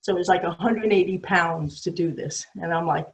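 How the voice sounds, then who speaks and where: A woman in her sixties with a New England accent, a guest telling stories casually, rambling and halting with many fillers and restarts. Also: fairly low pitch, poor audio. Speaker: interview guest, marathon swimmer. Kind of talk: casual storytelling.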